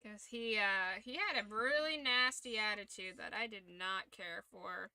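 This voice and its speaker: A young woman streamer in casual chat, telling a story in a lively, profane way. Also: mid-range voice, measured pace, clean tone, no room sound.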